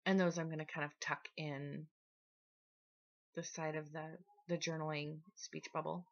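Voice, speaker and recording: A woman talking casually through her scrapbooking process in a relaxed, chatty voice-over. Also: deep voice, moderate pace, highs cut off. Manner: chatty, relaxed, with small restarts. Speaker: scrapbooking vlogger.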